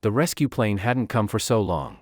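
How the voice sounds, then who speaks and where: A man's voice: lowish voice, animated, normal speed, darkish tone, dry recording, clean studio sound. A man narrating a comic story recap in a dramatic storytelling manner.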